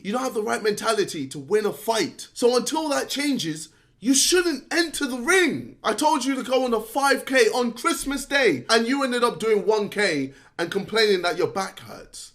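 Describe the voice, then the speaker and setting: A young man from lectures a friend in an exasperated rant, his high, bright voice swinging through a lively range. He scolds and swears, breaking into laughs between his points. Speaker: vlogger addressing a fellow creator. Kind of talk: direct-to-camera rant.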